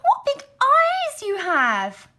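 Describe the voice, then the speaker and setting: A woman voicing a frightened little girl with high, halting, wondering lines. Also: wildly swooping pitch, exaggerated voice.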